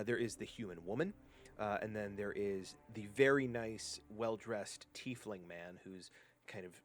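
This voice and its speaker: A game master narrating a tabletop game in a fairly low male voice. He rambles loosely, full of fillers and restarts as he describes the scene. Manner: rambling, many fillers and self-corrections.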